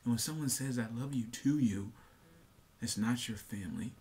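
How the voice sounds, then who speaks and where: A man's voice: medium pitch, moderate pace, a little mellow. Young man, earnest, rambling, repetitive, lots of fillers, casual vlog monologue. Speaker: vlogger.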